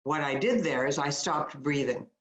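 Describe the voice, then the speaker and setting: This woman has a deep, fairly bright voice and talks at normal speed, with reverberation around it. Working as a communication coach, she guides a webinar audience on voice using demonstrations and upbeat, encouraging tips.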